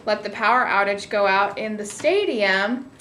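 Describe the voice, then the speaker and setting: A woman's voice: medium pitch, lively intonation, moderate pace, fairly bright tone. A woman, co-hosting a diet vlog in casual chat, with many ums. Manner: chatty, with frequent ums. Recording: echoey room, faint noise.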